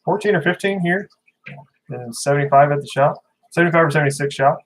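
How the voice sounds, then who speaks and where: A man's voice: a little high, fast talker, low-quality recording. Man, casual rambling livestream chat, talks to viewers. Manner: rambling, chatty, reads viewer comments. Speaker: fish-keeping livestreamer.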